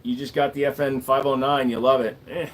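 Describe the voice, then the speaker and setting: A man's voice: medium pitch, flat delivery. A man, a gunsmith, answering viewers in a casual livestream chat, laid-back and wisecracking, dragging out the ends of his words. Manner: laid-back, wisecracking, drawn-out word endings.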